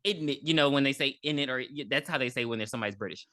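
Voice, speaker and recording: Female co-host, low register, chatty and joking. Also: racing, a bit bright. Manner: chatty and joking, with many restarts. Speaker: podcast co-host. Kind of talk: casual movie recap chat.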